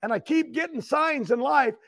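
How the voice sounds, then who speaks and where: An older man, a guest, telling long rambling stories that keep restarting, with frequent throat clearing. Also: extremely high pitch, moderate pace, a bit bright. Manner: loose, meandering, keeps restarting and clearing his throat. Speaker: guest, racing driver. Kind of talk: rambling storytelling.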